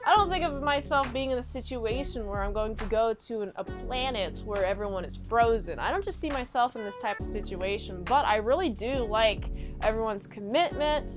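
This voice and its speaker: A woman's voice: on the high side, animated, brisk, over music. A woman casually recapping a TV episode as a reviewer, chatty and rambling with slangy asides. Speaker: show reviewer.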